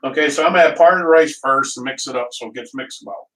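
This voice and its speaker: A man's voice: mid-range voice, quick pace, a bit bright, recorded from a distance. A man hosting a casual live cooking stream from his kitchen, rambling and chatty, greeting viewers by name and laughing often. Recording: echoey room, voice from off-mic.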